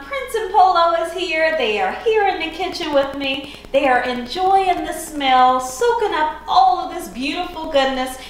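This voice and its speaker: A woman with a bright, high-pitched voice walks viewers through a recipe in her home kitchen. She is bubbly and folksy, calling the audience guys and honey as she cooks. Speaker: cooking show host. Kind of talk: home cooking demonstration.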